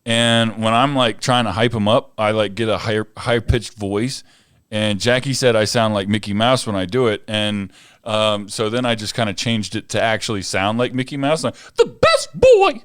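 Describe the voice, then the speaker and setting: A man with a deep voice co-hosting a podcast, chatting casually with lots of fillers and reading sponsor spots. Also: moderate pace, clean tone, no echo, clean studio sound. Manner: relaxed, filler-heavy, laughs easily. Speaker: podcast co-host. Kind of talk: casual chat and read ad spots.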